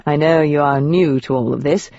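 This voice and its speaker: A reader doing a suave, old-world demon with a clipped British accent, drawling each word slowly in a hushed, lowered voice. It sounds purring and sly, recorded dry and a little dull. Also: steady tone, no echo, natural voice. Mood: amused, teasing. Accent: British (put on).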